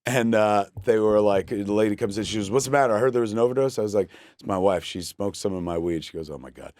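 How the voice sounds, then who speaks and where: A man's voice: on the low side, quick pace, darkish tone, no echo, studio quality. A man in his forties telling a comic story as a guest on a chat show, acting out every person he quotes.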